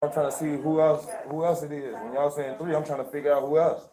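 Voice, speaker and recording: Animated man telling a story. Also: fairly high pitch, quick pace, background noise. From Chicago. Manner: animated, profane, slangy. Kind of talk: casual storytelling.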